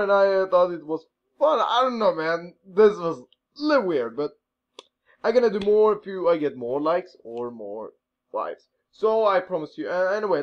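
A man's voice: high voice, very animated, normal speed, lo-fi sound. A young man, vlogging casually while chatting with strangers on video, loose and profane in how he talks. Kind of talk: casual chat on a video-chat site.

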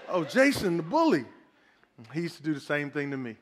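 A preacher putting on a laid-back older brother with a dropped, hushed voice. He speaks quietly and offhandedly, like someone who knows how to deal with a bully. The pitch sits well below the man's own voice. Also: very animated, a little fast, some chatter behind. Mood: knowing, calm. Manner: low, quiet, knowing and offhand.

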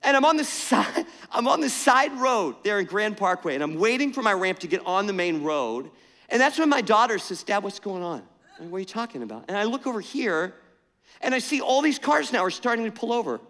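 A middle-aged man preaching a sermon, telling an animated, self-mocking story in a conversational way. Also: high-pitched, a little fast. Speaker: pastor. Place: church sanctuary. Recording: church hall reverb.

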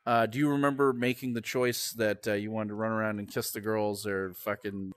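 A man's voice: lowish voice, flat delivery, brisk, a little hiss or hum. A man doing a crude, rambling stand-up rant at home, swearing constantly and laughing at his own jokes. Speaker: comedian. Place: at home, indoors.

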